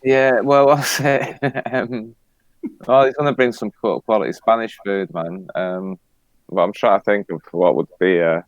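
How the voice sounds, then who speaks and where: A man's voice: on the low side, steady tone, unhurried, dry recording. A man playing a tabletop game, talking hesitantly. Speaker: player. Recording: dull, dry mic.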